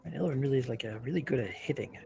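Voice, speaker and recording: A man talking as a player in a tabletop game, joking through quick banter. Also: mid-range voice, gravelly, darkish tone. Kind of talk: casual tabletop game talk.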